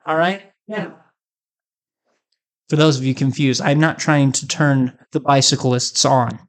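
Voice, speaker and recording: Male comic host, loose rambling delivery, sarcastic jokes, mid-pitched voice. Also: fairly even intonation, unhurried. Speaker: comedic host.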